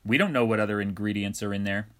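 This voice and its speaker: A man's voice: fairly low pitch, fast talker, fairly bright tone, lightly acted. A man doing a stubborn self-righteous mom. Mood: defiant. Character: stubborn protective mother, woman.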